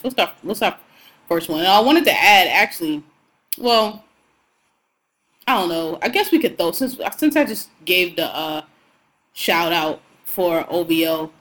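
On a low-quality recording, a young podcast co-host with a lowish, fairly bright voice chats casually about music and celebrities. She's outspoken, slangy, and profane.

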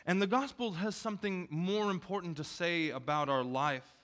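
Bright-voiced man giving a chatty sermon. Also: sits high, moderate pace. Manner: chatty, self-deprecating asides. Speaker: preacher. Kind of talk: casual sermon. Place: church gym.

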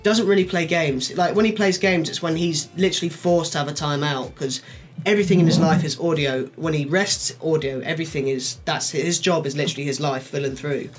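A man from England in a casual podcast chat, animated and quick to laugh. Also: fairly high pitch, soft background music. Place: shed studio.

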